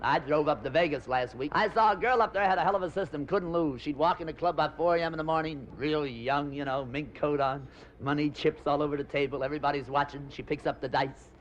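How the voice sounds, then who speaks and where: A man's voice: a little high, fairly quick, highs cut off, a little hiss or hum. A man telling bawdy stand-up jokes with punchy timing. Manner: punchy joke delivery with accented punchlines. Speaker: stand-up comedian.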